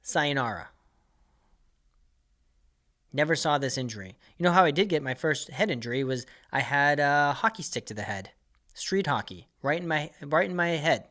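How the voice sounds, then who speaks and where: A man's voice: a little high, expressive, normal speed, pushed and bright. A man hosting his own comedy podcast, delivering an exasperated, profane rant as a monologue.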